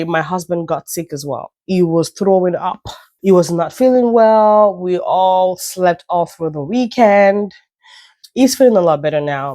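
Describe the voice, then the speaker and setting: A woman's voice: sits low, a little mellow, no echo, clean studio sound. A woman telling a chatty, meandering story at home, her nose stuffy and breaking into an occasional cough. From Nigeria. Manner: chatty, self-deprecating, meandering asides. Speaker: vlogger. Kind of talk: casual storytelling vlog.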